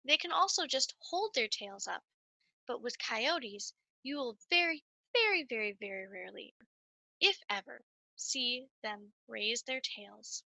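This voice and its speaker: A woman giving a lively, sing-song nature lesson to young children while playing a coyote mascot. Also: on the high side, unhurried, creaky, no room sound. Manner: animated, sing-song, speaks straight to children.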